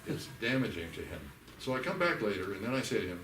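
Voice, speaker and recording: An older man leading a church workshop. He teaches in a folksy, animated way and acts out the voices of the people he quotes. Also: mid-range voice, fast, noisy background. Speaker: workshop leader. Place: church hall. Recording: echoey hall recorded from a distance.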